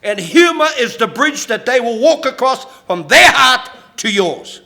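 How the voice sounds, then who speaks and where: A man in his sixties with a New Zealand accent, giving a humorous, animated keynote speech full of stories and laughter. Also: very high-pitched, unhurried, creaky. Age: 60s. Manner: animated, joking, laughs often. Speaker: keynote speaker.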